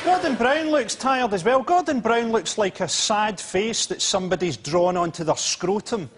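A man, a comedian, delivering dry, deadpan jokes on a panel show. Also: high voice, normal speed, husky. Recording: studio noise.

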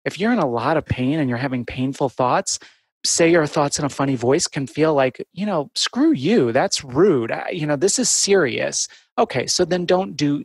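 A man co-hosting a podcast on therapy skills, explaining in a casual, animated and playful way. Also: on the high side, dry recording. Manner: animated, playful, breaks into funny voices. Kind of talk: casual instructional chat.

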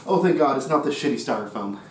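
A man's voice: mid-range voice, lively intonation, fast. A man in the middle of his range, cracking jokes and grumbling over the top while unpacking. He swears without a thought. The room rings with echo, and faint noise sits underneath. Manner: joking, swears casually, exaggerated complaints. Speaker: co-host unboxing a computer. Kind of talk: casual chat.

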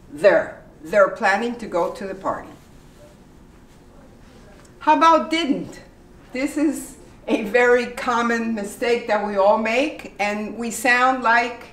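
A woman teaching English pronunciation in a library, repeating example sentences slowly and carefully. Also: medium pitch. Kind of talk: pronunciation lesson. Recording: echoey room, voice from the mic's distance.

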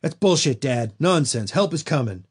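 A man's voice: mid-range voice, animated, moderate pace, husky, voice pushed up. A man voicing a distraught police chief pleading with his father, in an audiobook.

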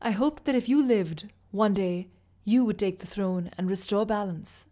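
A woman voicing a weary, dying male master assassin who speaks softly and slowly in an audiobook reading. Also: mid-range voice, close to an everyday voice. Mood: sorrowful. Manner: soft-spoken, measured. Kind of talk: audiobook character voice.

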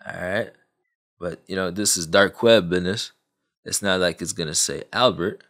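A man's voice: low voice, moderate pace, fairly bright tone. A man telling a true story in a casual, rambling way, full of fillers and asides.

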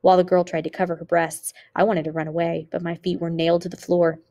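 A woman teacher reading a memoir aloud for students, with expressive delivery that rises on exclamations. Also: lowish voice, quick pace.

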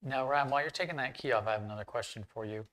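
A man's voice: mid-range voice, very fast, a bit bright. A man co-hosts a live how-to stream and questions the technician. He sounds friendly and curious and often brings in what viewers are saying. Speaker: co-host asking questions.

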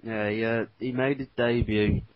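A man's voice: lowish voice, steady tone, measured pace. A man co-hosting a casual football podcast, making dry mocking remarks. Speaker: podcast co-host. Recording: dull lo-fi mic with faint noise.

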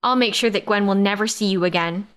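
A woman's voice: mid-range voice, quick pace, fairly bright tone, smooth, close to an everyday voice. A cruel male giant, voiced by a woman reading an audiobook taunts and threatens in a menacing, gloating tone. It stays close to the reader's own voice, with only a slight push in force. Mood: taunting.

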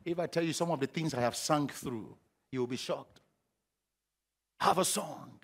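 A middle-aged man preaching a sermon, animated and humorous, acting out scenes with sound effects. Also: mid-range voice, a little fast. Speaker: pastor.

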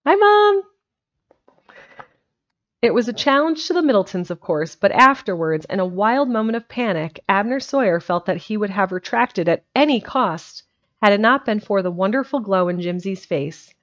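A woman narrating a classic storybook chapter in a steady, even storytelling manner, on a slightly muffled home stream recording. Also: mid-range voice, normal speed. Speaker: audiobook reader.

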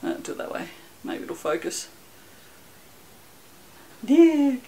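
A woman's voice: sits high, big pitch swings, brisk, poor audio. A woman talking casually in a rambling, self-mocking way while making soap for her channel, with a bit of light swearing. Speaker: soap maker vlogger. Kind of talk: casual chatty vlog.

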